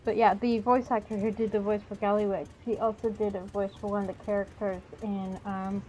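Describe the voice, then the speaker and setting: A woman's voice: medium pitch, little pitch movement, a little fast, a little mellow. A woman streaming a video game, chatting casually and rambling with frequent hesitations. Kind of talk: casual gameplay commentary. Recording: dull lo-fi with faint noise.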